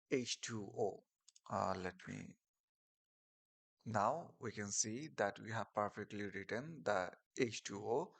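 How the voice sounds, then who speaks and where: A man's voice: fairly low pitch, gravelly, fairly bright tone. A man teaching a screen-share coding lesson, explaining step by step with fillers and restarts over keyboard clicks. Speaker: coding tutorial instructor.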